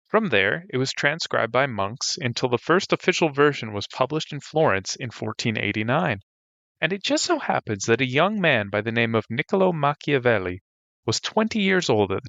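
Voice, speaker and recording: A man's voice: mid-range voice, fairly bright tone, no room sound. A man hosting an educational podcast, narrating a scripted lesson with light enthusiasm and humor. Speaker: podcast host. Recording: slightly dull, dry recording.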